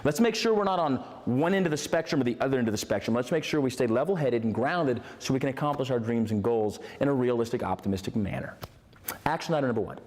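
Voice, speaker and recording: Emphatic man in a reverberant space. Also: medium pitch. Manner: animated, emphatic, repeats key words. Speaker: motivational host. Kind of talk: motivational video talk. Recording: long hall reverb.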